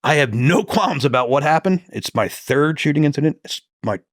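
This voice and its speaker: A man's voice: fairly high pitch, expressive, normal speed, no echo, clean studio sound. A man who works as a police detective, telling a story as a podcast guest in a casual, profane way and acting out the lines he quotes.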